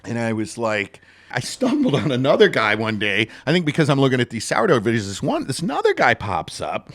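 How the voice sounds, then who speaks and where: Animated man, lively storyteller. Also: mid-range voice, fairly quick. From Texas, US. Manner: rambling, animated storytelling with laughs. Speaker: co-host. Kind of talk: casual chat.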